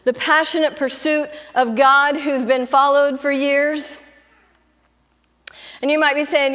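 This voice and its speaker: A woman's voice: high voice, unhurried, a bit bright, long reverb tail. A middle-aged woman pastor preaching a sermon, chatty at times, then building to fervent emphasis. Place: church sanctuary.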